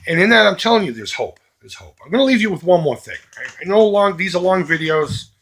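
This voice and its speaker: Vlogger, middle-aged man, lively earnest charity plea, husky bright tone. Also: sits high, quick pace. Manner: earnest, emphatic, swings between loud and hushed. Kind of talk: heartfelt charity appeal to viewers.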